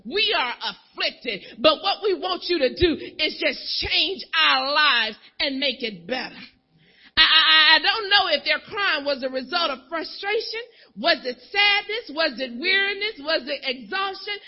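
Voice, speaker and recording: A woman preaching a sermon with impassioned swings from shouting to hushed pleas and a repetitive, rhythmic cadence. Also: high-pitched, animated, measured pace. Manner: repetitive call-and-response cadence. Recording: dull lo-fi recording.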